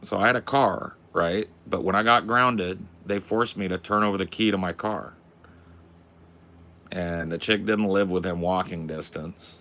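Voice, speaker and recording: A young adult man from the Pacific Northwest chats casually with viewers on a livestream, laid-back and slangy, with plenty of swearing. His voice is low, pushed and bright, and he talks a little slowly.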